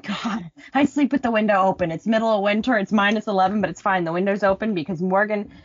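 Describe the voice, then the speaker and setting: A woman's voice: mid-range voice, fast talker, no echo. A young woman co-hosting a casual podcast, chatting and reading folklore notes with sarcastic asides. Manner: animated, joking, sarcastic asides. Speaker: podcast co-host. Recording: dry, dull lo-fi mic.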